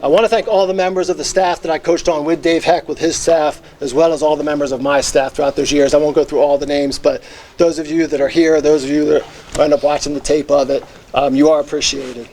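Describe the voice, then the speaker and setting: A man's voice: fairly high pitch, steady tone, fairly quick, darkish tone, slight background noise. A middle-aged man gives an earnest acceptance speech as a former teacher and coach, reminiscing with many fillers. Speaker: hall of fame inductee, former teacher and football coach.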